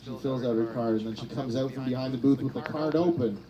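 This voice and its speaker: A man performing a stand-up comedy set, telling stories in a dry, deadpan way and acting out quotes. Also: mid-range voice, fast talker, dull audio, crowd noise. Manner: deadpan storytelling with acted-out quotes. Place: comedy stage with a laughing audience. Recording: live audience laughter.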